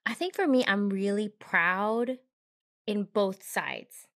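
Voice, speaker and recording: A woman's voice: mid-range voice, takes it slowly, a bit bright. Candid woman on a podcast. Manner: reflective, candid, with frequent restarts. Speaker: podcast co-host. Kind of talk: casual podcast conversation.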